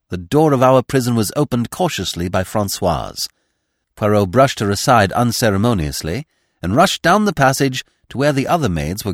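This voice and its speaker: Male narrator, low voice, lively pitch, dry close studio sound, measured reading. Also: no echo. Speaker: podcast narrator. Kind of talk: scripted audiobook narration.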